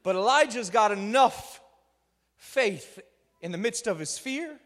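A male preacher delivering a sermon emphatically, often raising his voice to a shout. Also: high-pitched, expressive, a little slow. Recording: reverberant hall.

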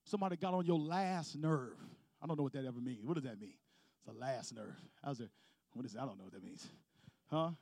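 A man's voice: medium pitch, expressive, brisk, creaky, darkish tone, dry recording, clean studio sound. A male pastor preaching a sermon to his congregation, calling for responses and building intensity. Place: church sanctuary with congregation.

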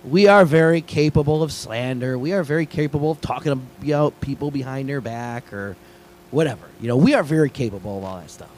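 A middle-aged male pastor preaches at an average pitch, telling stories in a lively way. He drops to hushed asides, then climbs to excited high points. A faint hum sits under the recording. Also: fairly quick, low-quality recording. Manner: lively storytelling, jumps between hushed asides and excited peaks. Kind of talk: sermon.

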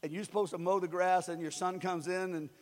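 A man preaching a sermon in a church, talking casually and joking with the congregation, then building to shouted lines. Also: sits high, fairly even intonation, fairly quick. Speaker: pastor. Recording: long hall reverb.

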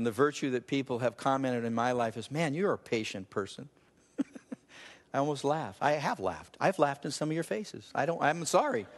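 A man preaching a sermon as a pastor, voice climbing high for emphasis, laughing at himself now and then. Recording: long reverb of a large hall.

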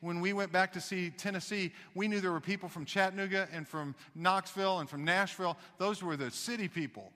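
A man's voice: sits high, fairly even intonation, brisk, few pauses, pushed and bright, big-room sound. A man preaching a sermon, emphatic, with folksy asides. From United States. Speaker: pastor.

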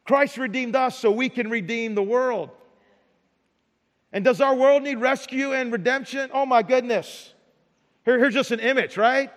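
High-voiced man preaching in a hall. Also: measured pace. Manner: conversational preaching with repetitions and tag questions. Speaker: pastor. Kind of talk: sermon. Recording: large hall reverb.

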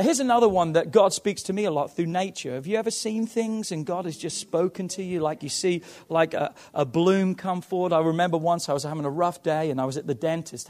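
A man preaching a sermon to his church, emphatic and swinging between loud calls and hushed passages. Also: fairly high pitch. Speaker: pastor.

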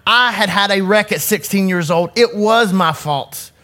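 A man's voice: high voice, measured pace, sharp tone. A man in his forties, a youth ministry director, giving a candid, self-critical personal talk to an audience on a handheld mic, often restarting his sentences. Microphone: handheld microphone.

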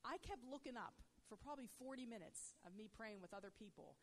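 A woman telling a faith testimony as a guest, in a conversational style full of "you know", rising loud and high when excited. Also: fairly quick, a little hiss or hum. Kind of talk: animated faith testimony storytelling.

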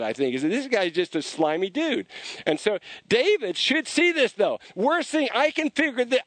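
Male preacher, chatty sermon delivery, animated with restarts, dry recording. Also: sits high, no room sound. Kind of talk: conversational sermon storytelling.

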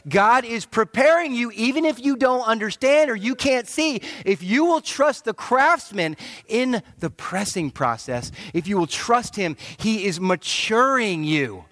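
Lively high-voiced male pastor preaching. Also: measured pace, no room sound. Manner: animated, joking preacher who acts out quotes. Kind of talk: sermon.

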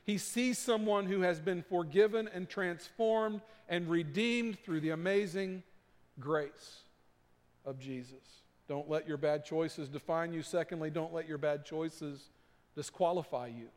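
Male pastor, sermon delivery, slightly high voice, long hall reverb. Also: measured pace. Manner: preaching with swells from hushed to emphatic.

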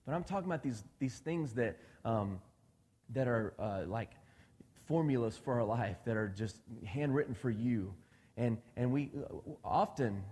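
A man's voice: medium pitch, a little mellow. A male preacher giving a conversational sermon, often asking the congregation questions and acting out quoted dialogue. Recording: long reverb of a large hall.

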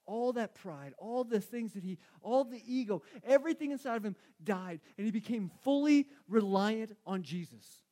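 A man's voice: high voice, expressive, moderate pace, few pauses, mellow. A male pastor giving a conversational sermon, emphatic and repeating key phrases for weight.

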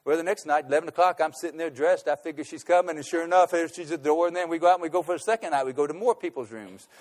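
A man telling a personal anecdote, shifting between loud, emphatic bursts and quiet, low asides. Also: very fast. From United States. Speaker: speaker recounting a trip abroad.

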